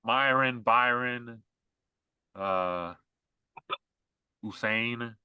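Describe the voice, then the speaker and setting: A man talking loosely on a podcast with a bright, forward tone. His delivery rambles and turns sarcastic. The sound is dry and close to the mic. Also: mid-range voice, extremely slow, smooth, dry recording, low-quality recording. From Hispanic community in the US. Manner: rambling, sarcastic, mocks voices of others. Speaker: podcast host. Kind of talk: casual podcast chat.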